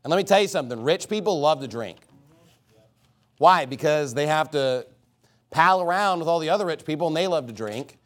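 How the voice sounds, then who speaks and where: Emphatic preaching man, fairly high voice. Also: expressive, a little fast, a bit bright. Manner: emphatic, preaching with sudden swings in volume and pace. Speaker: pastor. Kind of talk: fiery sermon.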